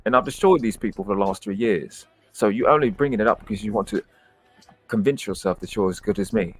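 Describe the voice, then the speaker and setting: A man's voice: lowish voice, quick pace, slightly rough. Brash, profane British man. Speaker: livestream host. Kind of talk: combative livestream commentary.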